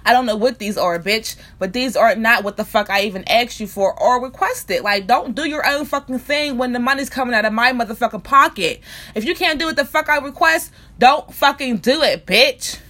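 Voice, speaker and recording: A woman's voice: on the high side, moderate pace, a bit bright. A young woman telling an angry, profane storytime rant about a bad salon visit. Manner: profane, heated, repetitive rant.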